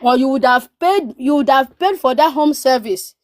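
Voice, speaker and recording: A Nigerian woman appears as a guest on a live stream, animatedly telling stories in a casual chat and repeating phrases for emphasis. Her voice sits high and is expressive, at a normal speed with no echo.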